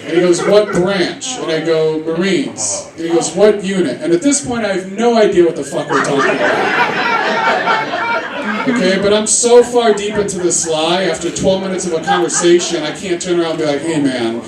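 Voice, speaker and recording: A high-voiced young man works a comedy club stage, telling brash, profane stories at his own expense. He is picked up from a distance in a roomy club, with the audience laughing loud around him. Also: fairly quick, crowd noise. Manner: brash, profane, self-mocking storytelling. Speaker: stand-up comedian. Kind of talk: stand-up routine.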